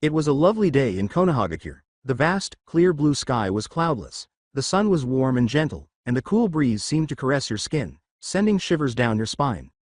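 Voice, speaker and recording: A man narrating a fan fiction story in a steady reading voice. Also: medium pitch, normal speed, few pauses, no echo, clean studio sound.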